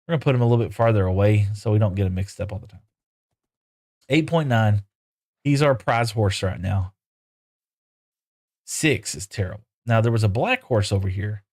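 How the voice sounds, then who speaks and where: A man's voice: fairly low pitch, expressive, moderate pace, long pauses, a little mellow. Chatty man streaming a game. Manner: chatty, talks to the animals in playful broken baby-talk; answers chat messages aloud while playing. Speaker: live streamer. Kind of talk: casual gameplay live stream.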